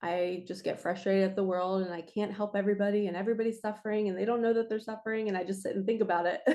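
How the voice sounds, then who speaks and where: A woman speaking to her viewers in an earnest spiritual talk, urging and emphatic. Her voice is raspy from straining her throat, with a pitch in the middle of the usual range. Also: fairly even intonation, fast, dark tone. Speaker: spiritual reader and coach.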